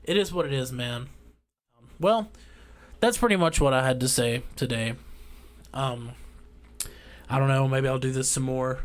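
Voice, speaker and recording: A man with a drawl delivering a heated, profane ranting monologue as a vlogger, swinging between loud outbursts and quiet asides. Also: medium pitch, measured pace, pauses often.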